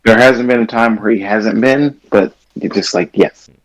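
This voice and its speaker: A man answering as a guest in a deadpan, curt way. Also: lowish voice, poor audio. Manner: slow, deadpan, curt replies. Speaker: guest manager on press conference.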